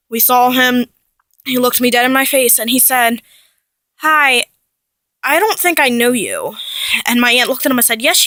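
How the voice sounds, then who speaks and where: A young woman talks straight into her camera in a loose, rambling way, often stopping to correct herself. Her voice sits a bit high, and the sound is close and dry with little room echo. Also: fairly bright tone. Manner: rambling, restarts and self-corrections, chatty. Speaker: vlogger. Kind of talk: casual personal vlog.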